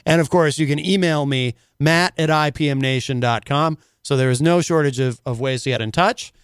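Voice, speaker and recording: A man's voice: fairly high pitch, moderate pace, clear, resonant tone, dry recording, clean studio sound. A man hosting a casual talk radio show, rambling and full of filler words.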